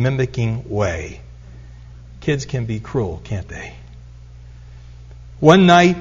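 Preaching man, raised pitch, lo-fi. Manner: storytelling, rising to emphatic repetition. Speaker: pastor. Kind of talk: sermon. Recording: dull lo-fi recording.

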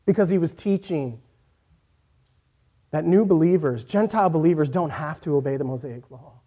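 A man preaching a sermon in an earnest voice that moves from quiet, reflective passages to emphatic points. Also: fairly high pitch, moderate pace. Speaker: pastor.

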